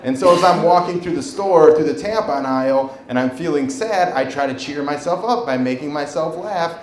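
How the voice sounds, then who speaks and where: A man in his forties performing a stand-up comedy set on a club stage, telling an animated story and acting out the voices of the people in it. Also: on the high side, moderate pace. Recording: roomy live club recording with crowd laughter. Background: audience laughter.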